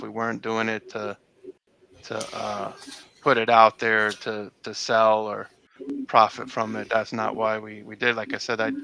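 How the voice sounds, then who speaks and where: A man's voice: lowish voice, creaky, bright, forceful tone, poor audio. A middle-aged man recalling old times in a casual interview, rambling with many fillers and restarts. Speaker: interview guest.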